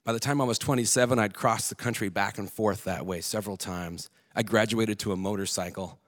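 Male storyteller, earnest and candid, slightly low voice, tells a personal story to an audience. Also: brisk. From Alaska. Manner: candid, earnest, with casual swearing and restarts. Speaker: speaker telling a personal story on stage.

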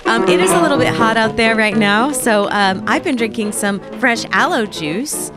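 A woman's voice: on the high side, expressive, normal speed, over loud music. A woman from Connecticut co-hosting a podcast, chatting casually with frequent fillers. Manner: chatty, conversational, filler-heavy. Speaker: podcast co-host.

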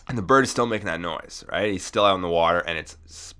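Low-ish bright voiced guy rambling through a deadpan story, lots of "like". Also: fairly quick. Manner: rambling, full of restarts and "like". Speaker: podcast co-host.

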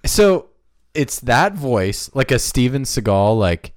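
A male podcast host chats in an animated, joking way, swearing freely as he riffs. His voice sits at an ordinary pitch and sounds dry and close on a studio mic. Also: takes it slowly, no echo. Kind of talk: casual podcast chat. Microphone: studio microphone.

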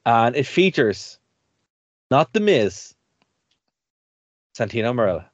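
A man's voice: mid-range voice, big pitch swings, slow, no echo, highs cut off. A man hosting a radio and podcast show, chatting casually, rambling and laughing often. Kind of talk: casual chat.

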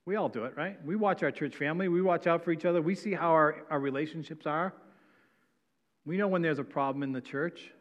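Male pastor preaching in a church sanctuary, scripture reading then explanation, long hall reverb, slightly dull lo-fi sound. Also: fairly high pitch. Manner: reads scripture then explains with frequent "right?" tags. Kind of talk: sermon.

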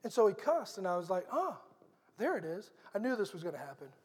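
A man's voice: high voice, sing-song, fairly quick, slightly rough. Earnest preacher man in a reverberant hall. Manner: earnest, conversational storytelling. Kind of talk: sermon.

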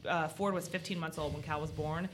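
A woman's voice: sits low, a little fast, a little hiss or hum. A woman in her thirties, a podcast guest, telling candid stories in casual chat. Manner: candid, animated storyteller.

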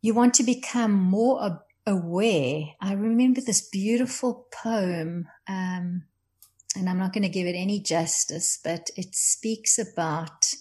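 Woman guest, mid-pitch, gentle and unhurried, thoughtful, with quiet pauses. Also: breathy edge. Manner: gentle, thoughtful, trailing off softly. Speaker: guest, contemplative prayer practitioner. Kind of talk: reflective conversation.

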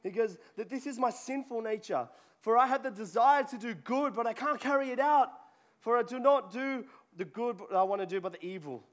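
High-voiced male pastor preaching, joking. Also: normal speed. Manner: conversational, jokes with the congregation. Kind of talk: sermon. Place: church hall before a congregation.

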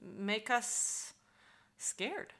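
A middle-aged woman hosting a church podcast, talking in a chatty, earnest way with ums and pauses. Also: fairly high pitch, expressive, pushed and bright. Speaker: podcast host. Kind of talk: casual podcast monologue.

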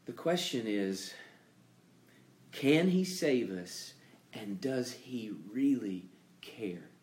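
Slow, emphatic preaching man in echoey room. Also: mid-range voice, animated, darkish tone. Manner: emphatic preaching with dramatic pauses and rising questions. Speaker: pastor. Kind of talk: sermon.

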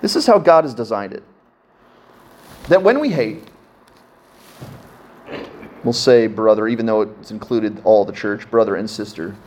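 A man's voice: on the low side, animated, unhurried, long pauses, a little mellow. A man in his thirties, a pastor preaching a sermon in a conversational way, often asking his congregation questions.

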